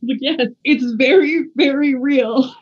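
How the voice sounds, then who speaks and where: A woman with a slightly raised pitch chats about a book and tells stories from her own life. Her audio sounds dull and lo-fi. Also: a little slow. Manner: chatty, tells personal anecdotes. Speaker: book podcast co-host. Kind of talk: casual book discussion.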